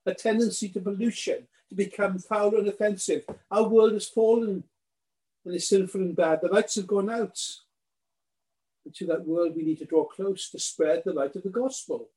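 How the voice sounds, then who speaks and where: A middle-aged man preaching a sermon, earnest and emphatic, slowing down to stress key phrases. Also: high-pitched, darkish tone, poor audio.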